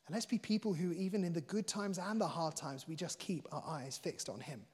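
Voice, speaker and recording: A man's voice: a little high, brisk, hardly any pauses, darkish tone, slightly rough, in a large hall. A man preaching a sermon in an earnest, conversational way, often breaking into light laughter between points.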